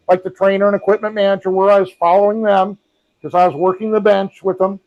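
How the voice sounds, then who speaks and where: Podcast co-host, male, high pitched with a gravelly edge, talks in loose anecdotes full of ums. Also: darkish tone, highs cut off. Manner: rambling anecdotes with many ums and restarts. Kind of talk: casual storytelling. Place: home with a robot vacuum running.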